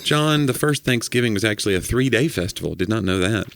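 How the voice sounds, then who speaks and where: A man's voice: on the low side, expressive, fast talker, vocal fry, a bit bright. A man from Tennessee with a light Southern accent, co-hosting a podcast in casual chat and reading out facts with playful asides. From Knoxville, Tennessee. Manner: jokey, reads facts aloud with playful asides. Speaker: podcast co-host.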